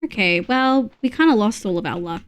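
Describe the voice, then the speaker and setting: A young woman from Australia chatting casually on a gaming livestream, swearing often and reacting loudly to scares. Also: medium pitch, lively intonation, a little fast, smooth. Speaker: streamer.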